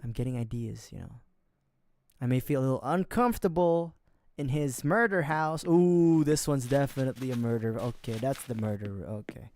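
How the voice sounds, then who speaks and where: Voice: medium pitch, normal speed, no echo. Joking video game streamer. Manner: joking, drops suddenly to a hushed mutter. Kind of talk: casual gaming livestream commentary.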